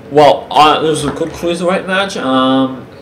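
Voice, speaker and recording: A man casually reviewing a wrestling show for his channel, talking in a halting way with many pauses and restarts. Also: a little high. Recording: roomy with faint background hiss.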